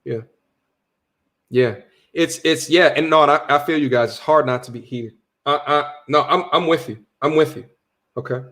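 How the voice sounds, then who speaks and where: A young man hosts a casual livestream, talking animatedly and reading viewer messages aloud. His voice sits fairly high and sounds bright and forceful. He repeats himself often and drops slangy shout-outs. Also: normal speed, long pauses. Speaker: livestream host.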